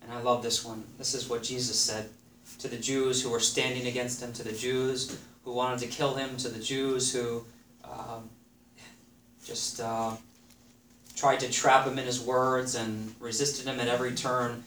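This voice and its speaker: This sermon comes in a flat, measured, mid-range voice with a bit of brightness. The man earnestly repeats phrases and reads from scripture, recorded somewhat far from the mic in an echoey space with faint noise behind him.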